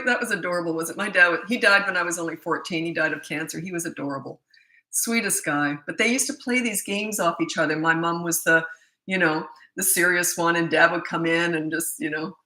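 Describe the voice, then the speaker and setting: A woman's voice: lowish voice, a little fast, bright, forceful tone. A middle-aged woman parenting coach who tells stories in a chatty, casual Q&A and laughs often. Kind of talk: casual storytelling Q&A. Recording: echoey room.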